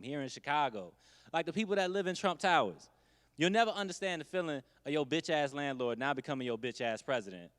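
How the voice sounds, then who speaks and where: A male stand-up comedian talking in a laid-back, conversational way, with wry throwaway asides. His mid-pitched voice rings with a long hall reverb. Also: a bit bright, clean tone.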